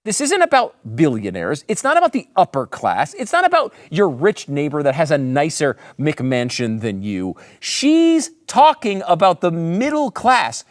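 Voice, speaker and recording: A man's voice: high voice, dry recording, clean studio sound. A man hosting a political commentary show, talking in a sarcastic, mocking, emphatic way. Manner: emphatic, lively delivery. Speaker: host.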